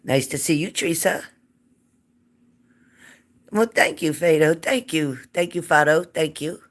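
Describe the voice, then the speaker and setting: A woman's voice: sits low, a little slow. Chatty woman greeting live viewers. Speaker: psychic reader hosting a live stream. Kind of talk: casual live-stream chat.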